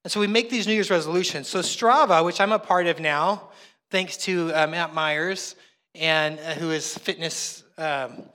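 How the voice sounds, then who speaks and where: A man's voice: fairly high pitch, bright, forceful tone. A man preaching a sermon as pastor, telling chatty, self-mocking stories. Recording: long hall reverb.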